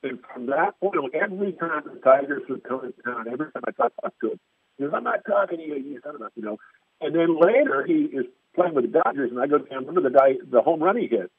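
A man's voice: mid-range voice, expressive, quick pace, husky, no room sound. A man, a sports radio reporter, telling stories in casual chat and acting out quotes in raised voices. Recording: tinny phone-line sound, dry.

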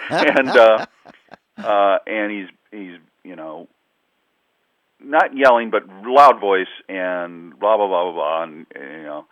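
A man's voice: on the low side, lively intonation, takes it slowly, a bit bright, dry recording. A man, a sportswriter guest, telling rambling anecdotes in a casual interview, chuckling often and leaning on lots of fillers. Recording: tinny phone-line audio, dry.

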